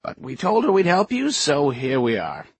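Man voicing feisty old woman witch, high, husky, blunt, bossy, storybook. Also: huge pitch swings, moderate pace, dry recording, heavily acted. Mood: gruff, scornful. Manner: scornful, bossy.

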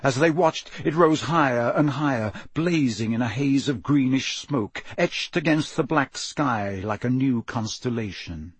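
A man narrating an audiobook with a dramatic, expressive reading. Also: mid-range voice, a little slow, hardly any pauses, husky, dry recording.

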